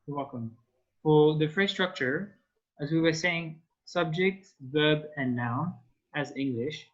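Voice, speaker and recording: Slow, patient tutor on a call. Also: male voice, on the high side. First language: French. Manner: patient, slow step-by-step prompting. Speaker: French tutor. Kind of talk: online language class. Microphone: video call. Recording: dull lo-fi call audio.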